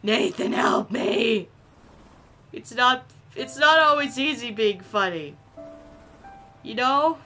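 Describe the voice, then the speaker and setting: A woman giving silly, animated let's-play commentary, chatting to the game characters as she plays. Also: fairly high pitch, takes it slowly, pauses often, faint music behind. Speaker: gameplay commentator.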